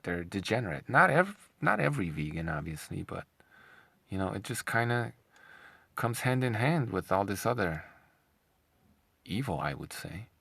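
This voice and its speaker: A low, gravelly man talks slowly through a scornful commentary rant. His voice is husky and deep, and he mocks his subject with rambling sarcasm. The sound is close and dry. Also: animated, a bit bright, dry recording. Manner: rambling, repeats himself. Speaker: commentary channel host. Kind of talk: opinionated commentary monologue.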